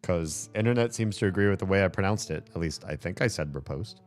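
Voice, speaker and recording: A deep-voiced man talks fast while streaming a game, rambling casually with plenty of fillers. Faint game music plays behind his relaxed gameplay commentary.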